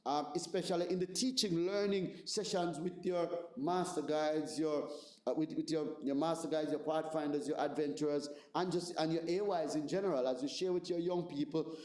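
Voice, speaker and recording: In a roomy, echoing hall, a pastor in his forties with a Jamaican accent teaches a seminar. His mellow voice sits on the high side, steady and at normal speed, and his conversational delivery features repeated words and frequent "right?" check-ins.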